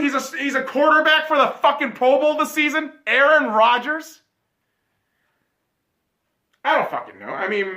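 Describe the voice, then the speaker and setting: A man in his late twenties hosting a podcast, ranting loudly with constant swearing about football. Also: extremely high pitch. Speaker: podcast host. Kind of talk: profane sports rant.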